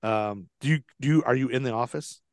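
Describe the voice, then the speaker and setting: A man's voice: medium pitch, brisk, no room sound, clean studio sound. A man hosting a podcast, asking a guest questions in a chatty, joking way. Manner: chatty questioner, laughs often. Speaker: podcast host. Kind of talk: casual interview chat.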